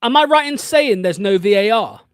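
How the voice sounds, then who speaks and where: A man, hosting a fan watchalong stream and giving excitable, sweary live match commentary. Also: high voice, normal speed, clear, resonant tone, no echo.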